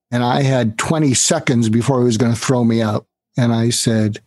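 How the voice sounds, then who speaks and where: A man's voice: mid-range voice, normal speed, dry recording. A man in an interview, an author and negotiation trainer, telling stories and acting out the dialogue in them. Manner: animated storyteller who acts out quoted dialogue. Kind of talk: storytelling in a podcast interview.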